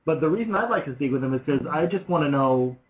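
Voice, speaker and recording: A man's voice: on the high side, lively intonation, quick pace. Wisecracking male co-host, phone-line sound. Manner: dry, wisecracking quips. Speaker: radio co-host. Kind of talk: casual radio banter.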